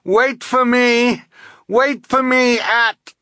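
A man reading aloud, voicing a teenage boy shouting desperately over roaring water. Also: very high voice, steady tone, very slow, dry recording, clean studio sound, pitched above the performer's own voice, heavily acted. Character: boy triplet swept away, shouting.

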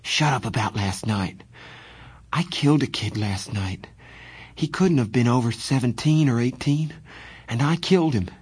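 A man's voice: fairly low pitch, expressive, unhurried, a little mellow, slightly rough. A man reading an audiobook and voicing a frightened, guilt-ridden teenage boy who speaks weakly with a quavering voice. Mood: anguished. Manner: quavering, weak voice. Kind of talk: audiobook character voice.

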